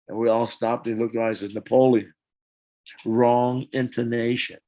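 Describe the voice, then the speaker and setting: An older man in a casual interview, telling stories with lively acted-out quotes and hummed parts. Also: mid-range voice, moderate pace, low-quality recording. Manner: animated storyteller, acts out quotes and hums parts. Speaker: interview guest, former band singer.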